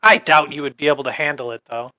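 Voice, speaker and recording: A man's voice: fairly high pitch, fairly even intonation, quick pace, sharp tone, no room sound. A man voicing a sneering, bored spectre in a tabletop role-play, drawling and contemptuous. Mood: menacing.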